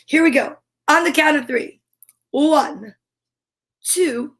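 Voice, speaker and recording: A woman's voice: high voice, slow pace, long pauses, fairly bright tone. A woman hosting a playful mock children's show, talking with bubbly, exaggerated enthusiasm. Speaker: livestream host.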